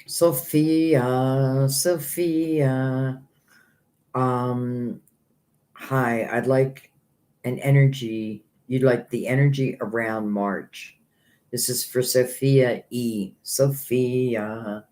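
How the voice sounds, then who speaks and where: Man, mid-pitched, tarot reader on a live stream, rambling and earnest. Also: fairly even intonation, slow pace, darkish tone. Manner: rambling, thinking aloud; earnest, a little hurt by critics.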